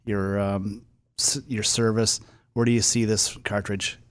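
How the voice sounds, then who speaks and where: Podcast host: man, fairly low voice, steady guiding questions. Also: measured pace. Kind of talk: casual podcast chat.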